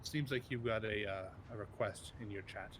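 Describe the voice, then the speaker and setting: A man's voice: lowish voice, normal speed, fairly bright tone, slight background noise. A man co-playing a game, chatting casually with brief, dry remarks. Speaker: co-player. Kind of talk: casual gameplay chat.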